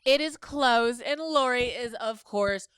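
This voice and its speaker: A woman's voice: on the high side, slow, a bit bright, clean tone, dry recording, clean studio sound. A woman hosting a podcast, chatting casually as she retells a story and slips into quoted dialogue. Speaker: podcast host. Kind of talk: casual episode recap.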